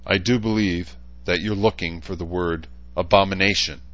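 A man's voice: sits low, steady tone, normal speed, fairly bright tone, muffled recording. A man voicing a council member who speaks in a light, mocking tone.

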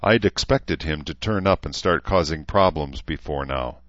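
A man's voice: a bass voice, normal speed, fairly bright tone, no room sound. A man voicing a weary middle-aged male town leader who speaks coldly and wryly. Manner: cold, wry, talkative. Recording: slightly dull recording.

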